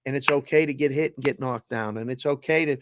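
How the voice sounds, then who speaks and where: A man's voice: medium pitch, quick pace, fairly bright tone, dry recording. A man co-hosting a casual podcast, talking reflectively and emotionally, often trailing off. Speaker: co-host.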